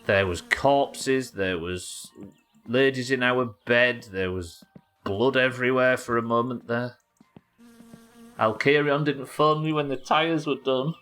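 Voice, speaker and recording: A man's voice: mid-range voice, slow, fairly bright tone, smooth. A man hosting a live gaming stream, chatting casually and swearing freely as he jokes with his chat. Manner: chatty and profane, joking with chat. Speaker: gaming livestream host.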